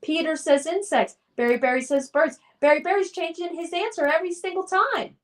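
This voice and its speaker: A woman's voice: extremely high pitch, fairly quick, recorded from a distance. A middle-aged woman hosting a live stream, reading viewer comments aloud in a chatty, upbeat way. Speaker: livestream host reading chat. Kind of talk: casual live-stream chat.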